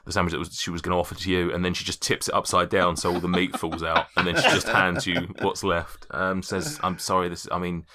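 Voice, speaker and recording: A man running a tabletop game, narrating in a fairly low voice with a bright, forceful edge. He rambles, repeats words and leans on fillers as he describes the scene. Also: fairly even intonation, brisk, few pauses, a little hiss or hum. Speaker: game master.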